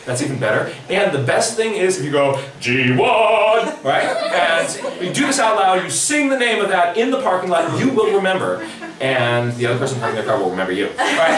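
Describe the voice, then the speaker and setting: A middle-aged man leading a drawing workshop, chatting with his audience in a playful, animated way. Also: a little high, a little hiss or hum. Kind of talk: live workshop lecture. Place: large echoey lecture room. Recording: echoey hall recording from far off.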